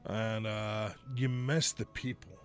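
A man's voice: fairly low pitch, flat delivery, slow, a little hiss or hum. A middle-aged man, a podcast host and former wrestler, telling stories in casual chat, swearing freely and laughing often. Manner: profane, laughs often, storytelling.

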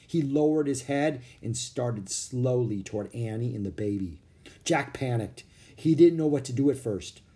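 A man's voice: mid-range voice, dark tone. Man reading a storybook aloud. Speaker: narrator. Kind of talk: storybook narration.

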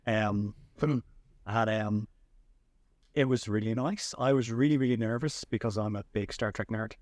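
A man hosting a podcast and telling a story in a chatty, animated way with lots of restarts. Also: lowish voice, a little slow, no room sound, clean studio sound. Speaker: podcast host. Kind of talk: casual storytelling chat.

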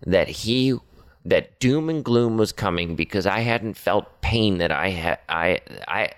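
Deep-voiced man, halting confessional talk. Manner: halting, full of fillers and restarts, earnest. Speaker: podcaster speaking to his partner. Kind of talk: personal confessional monologue.

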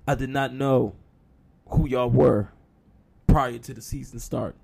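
A man's voice: medium pitch, steady tone, slow pace, gravelly, pauses often, a little mellow. A man hosting a sports talk show, speaking casually with sarcastic, mock-apologetic humor and frequent y'all.

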